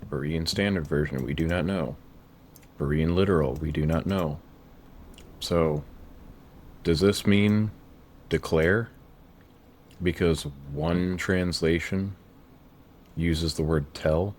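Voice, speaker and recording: Man, very low voice, unhurried, dryly opinionated Bible study, faint typing behind. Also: a little mellow, a little hiss or hum. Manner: deliberate, dryly opinionated, slows to read verses aloud. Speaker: Bible study video creator. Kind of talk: screen-share Bible word study.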